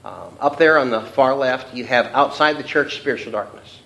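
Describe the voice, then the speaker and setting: A man's voice: medium pitch, normal speed, vocal fry, a bit bright, poor audio. A man teaching an informal Bible study class, reading verses aloud and talking them through with many fillers. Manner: conversational, many fillers, reads scripture aloud.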